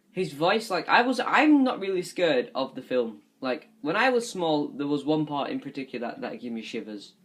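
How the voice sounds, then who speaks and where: A man's voice: on the high side, poor audio. A young man in his twenties giving casual, rambling gameplay commentary, chatty and swearing now and then. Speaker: gaming commentator. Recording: game music playing behind.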